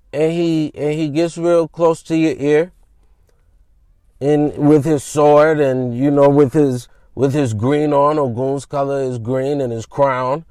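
Man, podcast host, informal history storytelling, slow delivery, higher voice. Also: dry recording. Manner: casual, slangy, conversational.

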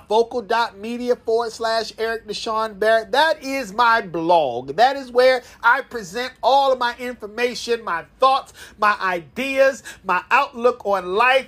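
Male podcast host, casual and playful, swooping animated delivery. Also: extremely high pitch. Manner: animated, call-and-response, playful. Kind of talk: casual promotional monologue.

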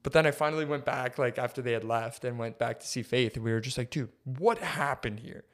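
Young male podcast co-host, casual storyteller, animated, heavy on filler words. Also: mid-range voice, quick pace. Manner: animated, filler-heavy, says "like" and "dude" constantly.

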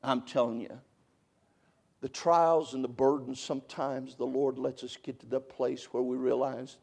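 An older man preaching a sermon, swinging between loud emphatic cries and hushed, quiet storytelling. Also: mid-range voice, steady tone, unhurried, vocal fry.

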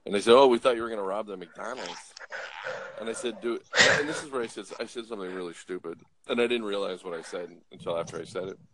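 A middle-aged man from Los Angeles casually telling a story, animated, acting out voices and restarting often. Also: on the low side, fast talker. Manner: animated, acts out voices, swears, frequent restarts. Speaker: guest storyteller.

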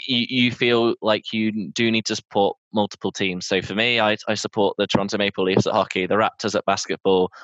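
A man's voice: lowish voice, fairly even intonation, a little fast, hardly any pauses, fairly bright tone, no room sound, muffled recording. A man co-hosting a podcast, chatting casually and rambling with ums and restarts. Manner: rambling, lots of ums and restarts, laughs easily. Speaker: podcast co-host.

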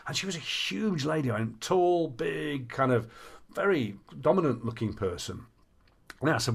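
A man's voice: mid-range voice, animated, moderate pace, vocal fry, husky. A man with a mid-range voice speaks as a coach, sharing anecdotes and practical advice. He talks animatedly and acts out the conversations he quotes, with an easy conversational flow.

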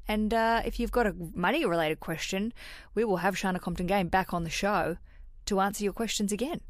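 A woman's voice: medium pitch, fairly quick, no room sound, studio quality. A woman hosting a podcast, chatting and laughing with her guest in a playful, self-mocking way. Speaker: podcast host. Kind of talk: casual chat.

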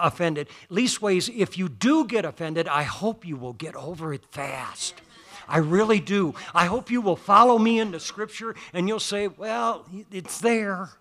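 Male preacher, bright forceful tone, slightly high voice, folksy and emphatic, church sermon. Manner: folksy, emphatic, rising to loud declarations.

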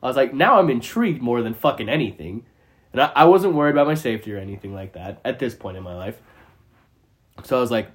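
A man's voice: mid-range voice, fast talker. Guy ranting through a crazy story, cussing a lot, laughing, casual podcast chat. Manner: animated, profane, laughs through his story.

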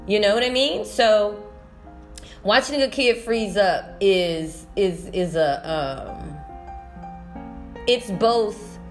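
A woman teacher speaks her mind in a personal vlog, her voice sitting at an ordinary middle pitch. She rambles emotionally and keeps restarting her thoughts. Faint music plays quietly behind her. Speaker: sixth-grade teacher.

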